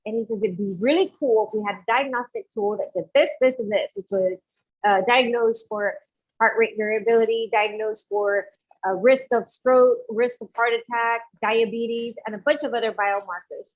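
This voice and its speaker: A fairly high-voiced woman recounts her story as an interview guest, acting out the words of the people in it. The audio is dull and somewhat lo-fi. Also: moderate pace. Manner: animated, acts out quoted dialogue. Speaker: guest entrepreneur.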